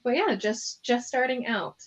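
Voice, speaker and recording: A woman's voice: on the high side, expressive, measured pace. A woman narrating a tabletop game as game master, in a loose, chatty way.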